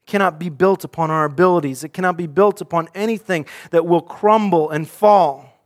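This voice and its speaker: A man's voice: a little high, brisk. A male pastor preaching a sermon, earnest and direct, often repeating words and restarting as he speaks.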